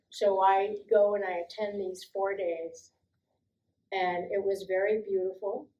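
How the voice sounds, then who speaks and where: Older woman, mid-pitched, from the US East Coast, animated storyteller who acts out quotes. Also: measured pace, muffled recording. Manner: lively, acts out quoted voices, laughs often. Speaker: guest speaker sharing life stories. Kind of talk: personal storytelling talk.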